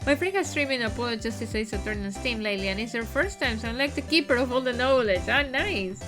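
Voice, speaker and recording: A woman's voice: on the high side, fast talker, few pauses. A woman streaming a game live, chatting and making amused asides to viewers over game music.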